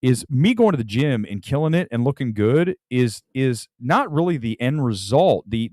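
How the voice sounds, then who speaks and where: A man's voice: medium pitch, big pitch swings, moderate pace, darkish tone, no room sound, studio quality. A man hosting a casual livestream as a movie critic, ranting bluntly and combatively, often repeating himself for emphasis.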